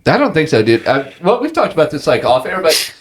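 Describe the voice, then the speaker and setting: A man's voice: on the high side, sing-song, fairly quick, husky. A young man co-hosting a casual podcast chat, joking and swearing, laughing often. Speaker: podcast co-host.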